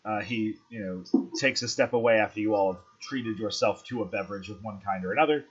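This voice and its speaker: A man narrates a tabletop game as the game master, pausing often and circling back mid-sentence. His voice is husky. The recording sounds dull and lo-fi. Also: fairly low pitch. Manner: halting, filler-laden narration.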